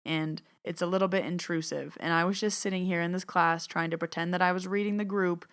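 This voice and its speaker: A woman hosting her own podcast, telling a personal story in a chatty, animated way and acting out what people said. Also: lowish voice, quick pace, few pauses, clear, resonant tone. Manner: chatty, animated, acts out quoted dialogue. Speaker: podcast host and medium. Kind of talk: casual storytelling monologue.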